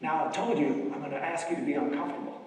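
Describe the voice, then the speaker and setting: A man's voice: a little high, quick pace, a little mellow. A middle-aged man from New York City giving a rousing motivational stage speech, coaxing the crowd with repeated calls. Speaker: motivational speaker. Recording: echoey hall from far off, faint music.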